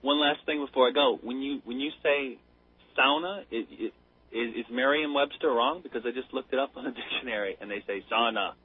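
Excitable man on a tinny phone line. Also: mid-range voice, a little fast. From United States. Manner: excited rambling storyteller, stumbles over words. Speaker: caller. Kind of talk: casual chat.

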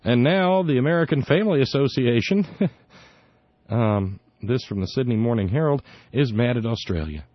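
A man's voice: mid-range voice, animated, normal speed, no room sound. A man hosting a talk radio show, delivering opinionated political commentary in an indignant, sarcastic manner with frequent stumbles and restarts. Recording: dull lo-fi dry recording.

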